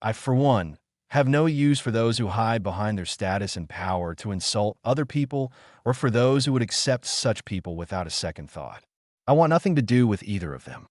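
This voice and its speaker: A man's voice: on the low side, animated, normal speed, darkish tone, no room sound, clean studio sound, lightly acted. A man voicing a young prince who was once mocked and now stands up for those he cares about, read in an earnest, plain way. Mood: indignant. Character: young male prince, formerly mocked, protective.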